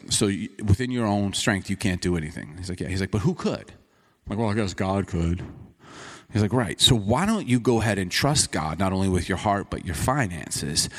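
Brief: male pastor, lively storytelling sermon, rising and falling pitch, long hall reverb. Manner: conversational storytelling preacher, acts out dialogue.

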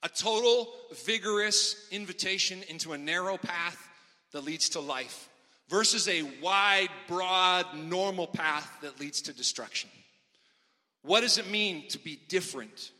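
A middle-aged male pastor delivers a sermon in a big church hall, his voice sitting a little high and sounding very bright. He tells stories with sudden swings in loudness, and a long reverb trails after every line. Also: unhurried.

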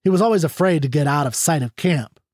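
A man reading aloud and voicing a sly, smooth-talking young cowboy with an earnest, gently mournful way of speaking. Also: fairly high pitch, fast, dry recording, studio quality, close to an everyday voice. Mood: earnest, sorrowful.

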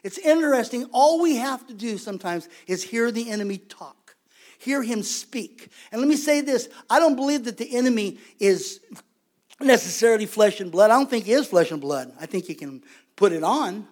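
A man's voice: very high-pitched, lively intonation, normal speed, a little mellow. A man preaching a sermon as pastor, conversational and emphatic, repeating his points for weight.

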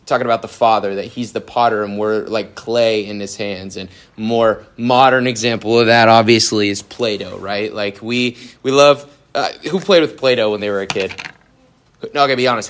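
A young adult man giving a youth sermon in a casual, animated way, with many fillers. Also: on the low side, moderate pace. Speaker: youth pastor.

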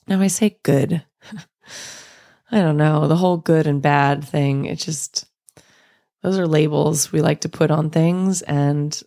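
A woman in her thirties hosting a reflective solo podcast, speaking gently and thoughtfully with soft laughs. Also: sits low, vocal fry. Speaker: podcast host.

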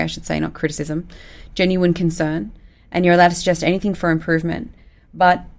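Direct businesswoman, lowish voice. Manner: direct and animated, acts out quoted lines. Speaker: business coach and recruitment firm owner. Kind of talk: casual advice talk.

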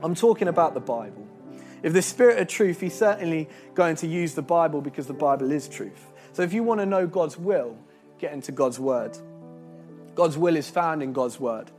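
A young man preaching a sermon, earnest and animated, telling stories with restarts and laughs. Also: a little high, moderate pace, faint music behind. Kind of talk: sermon with storytelling.

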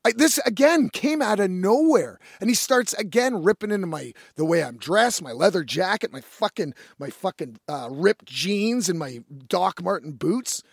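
A young man and independent musician telling a story in a casual, animated way, swearing freely and addressing listeners as folks. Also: sits high, moderate pace, gravelly, few pauses, husky, no room sound, clean studio sound.

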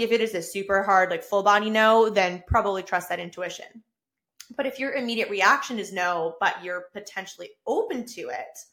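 A woman hosting her own solo podcast, talking in an effusive, upbeat way that rambles with restarts. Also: medium pitch. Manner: effusive and upbeat, gushing with excitement. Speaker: podcast host. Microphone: own camera and mic.

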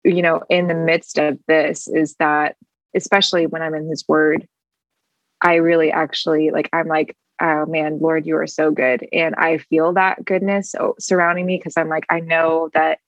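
This is a young woman with a low voice, recorded dry on a video call. She talks about her faith with earnest warmth, rambling and circling back with many fillers. Her emotion sits close to the surface. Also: level tone, moderate pace, dry recording, low-quality recording. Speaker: guest. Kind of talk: casual faith conversation over video call.

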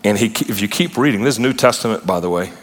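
A man delivers a sermon in a relaxed, conversational way, slipping into animated asides and playful retellings. His voice sits fairly low. Long reverb from a large hall trails after each phrase. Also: fast talker. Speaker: preacher.

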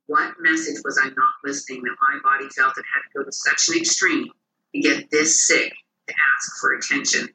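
With slight background noise around him, an interview guest tells personal anecdotes at a moderate pace and medium pitch. He's lively, voicing each quoted person himself, and the sound is distant and roomy.

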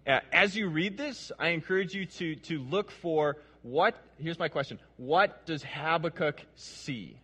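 A man's voice: fairly high pitch, unhurried, few pauses, pushed and bright, breathy edge. Earnest male preacher in a reverberant hall. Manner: earnest, repeats words, asks the audience questions. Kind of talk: sermon with scripture reading.

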